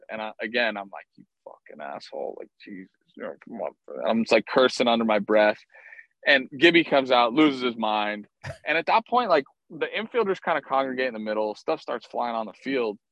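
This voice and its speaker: A man's voice: mid-range voice, no echo, low-quality recording. Guy telling a wild ballgame story, cussing a lot, plain middle voice, dead dry mic. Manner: animated, profane, acts out quotes. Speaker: former baseball player, guest. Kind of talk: casual storytelling interview.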